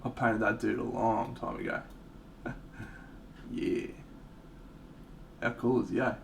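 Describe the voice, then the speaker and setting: Painting on stream, a young man with a lowish, creaky voice takes his time chatting with viewers. He's relaxed and occasionally profane, slipping into sung lines and silly voices. The mic catches him slightly off-axis, and a faint hum runs underneath.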